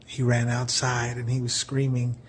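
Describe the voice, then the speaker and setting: A man's voice: medium pitch, monotone, moderate pace, slight background noise. A man telling a story in a casual, earnest way, keeping his voice down, with many fillers. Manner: soft-spoken, keeping voice down. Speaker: vlogger telling a parable.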